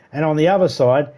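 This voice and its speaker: Sweary Australian man with a mellow voice. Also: on the high side. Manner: profane, sarcastic, rambling. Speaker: livestreamer. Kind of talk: casual storytelling chat.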